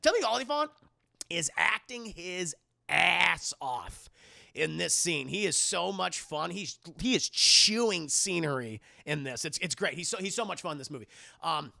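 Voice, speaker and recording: Gravelly, animated male film streamer. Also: a little high, measured pace. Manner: animated, swearing, acts out scenes. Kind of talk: profane scene-by-scene film recap for live chat.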